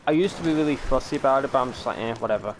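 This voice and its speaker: A man's voice: mid-range voice, fairly even intonation, very fast, a little hiss or hum. A young man from the United Kingdom, chatting casually and rambling to his viewers while streaming a game. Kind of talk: casual live-stream chat.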